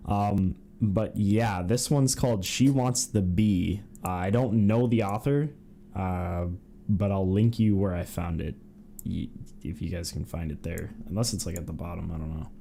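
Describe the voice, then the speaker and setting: A man's voice: low voice, measured pace, vocal fry, warm tone, slight background noise. A man co-hosting a podcast, chatting casually and reading fanfiction aloud, rambling and giggly. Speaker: podcast co-host.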